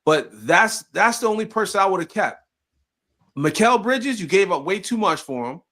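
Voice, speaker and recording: A man's voice: sits high, lively intonation, moderate pace, pushed and bright. A man in casual sports chat, talking emphatically and arguing his point. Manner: emphatic, argumentative.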